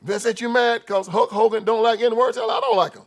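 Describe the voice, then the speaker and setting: A man hosting his own show, delivering an opinion commentary monologue that swings between loud outbursts and low mutters, with frequent laughter. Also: fairly even intonation, a little fast. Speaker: show host.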